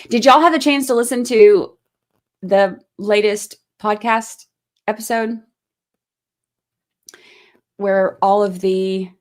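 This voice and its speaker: A woman, hosting a casual livestream and talking through a trial, firm one moment and chatty the next. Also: mid-range voice. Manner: firm scolding then chatty explaining. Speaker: livestream host giving trial commentary.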